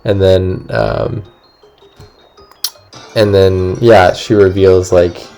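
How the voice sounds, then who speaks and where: A man's voice: low-pitched, steady tone, very slow, vocal fry, dark tone, faint music behind. A man hosting a gaming video, retelling a story casually between gameplay in a rambling, filler-heavy way, swearing now and then. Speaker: gaming channel host.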